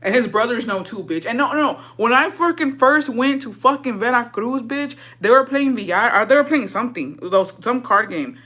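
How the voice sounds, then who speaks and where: A woman's voice: a little high, animated, normal speed, hardly any pauses, a bit bright. A woman telling a casual storytime vlog in a blunt, heavily profane way, switching between English and Spanish slang. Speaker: vlogger.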